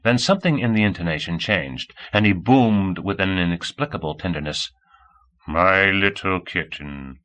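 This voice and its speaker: A man narrating an audiobook in a steady, even reading voice. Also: low-pitched, brisk, hardly any pauses, low-quality recording. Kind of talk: scripted narration.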